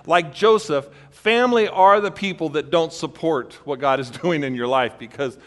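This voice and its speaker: A man's voice: normal speed, fairly bright tone. A man preaching a sermon in a direct, conversational way, telling stories and acting out the quoted voices. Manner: storytelling, acts out quoted voices with big shifts in pitch and volume. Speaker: pastor.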